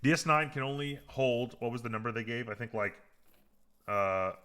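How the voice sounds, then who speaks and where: Bright-voiced man ranting casually on a podcast. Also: mid-range voice, normal speed, clear, resonant tone. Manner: rambling, filler-heavy, gets heated and animated. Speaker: podcast co-host. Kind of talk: casual chat recapping a TV episode.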